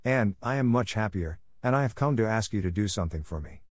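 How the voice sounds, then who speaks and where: A man voicing a gentle, earnest little girl who speaks softly and politely. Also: lowish voice, expressive, a little fast, no room sound, studio quality. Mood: eager.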